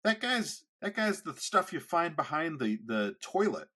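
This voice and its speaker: A man's voice: on the high side, very animated, a little slow, pushed and bright, pitched above the performer's own voice, heavily acted. Man putting on a jeering old Boston godfather. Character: gruff older Boston godfather mocking a candidate.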